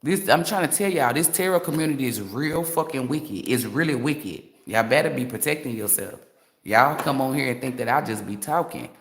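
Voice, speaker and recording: A woman's voice: rumbling low, expressive, normal speed. A woman tarot reader delivering a blunt, profane, emphatic rant on a livestream.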